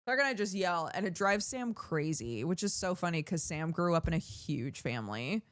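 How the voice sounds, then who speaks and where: A woman streamer chatting casually to her viewers, telling stories animatedly with yelled bits and bursts of laughter. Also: fairly low pitch, big pitch swings, moderate pace. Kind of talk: casual chat.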